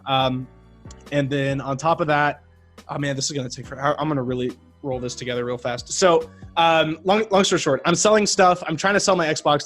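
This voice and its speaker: A male podcast guest tells a long story in casual talk, rambling and animated with lots of fillers. His voice is fairly high-pitched.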